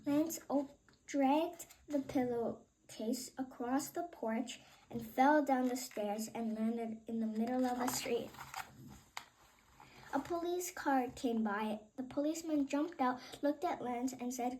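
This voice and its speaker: High-voiced woman reading a storybook aloud. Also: slow, warm tone, slight background noise, poor audio. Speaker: reader. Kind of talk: children's storybook read-aloud.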